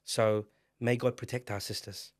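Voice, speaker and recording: A man, co-hosting a casual podcast, emphatic and animated, climbing to loud exclamations. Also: fairly low pitch, moderate pace, dry recording, studio quality. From England. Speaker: podcast co-host.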